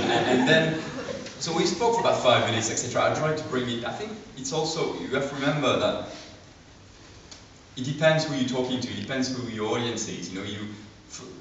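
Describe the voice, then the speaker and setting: A man from France, telling anecdotes as an audience speaker at a book launch in a halting way full of fillers and restarts. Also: mid-range voice, slight background noise. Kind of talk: anecdotal public talk. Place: large echoey room at a public event. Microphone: distant room mic. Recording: echoey, lo-fi, from far off.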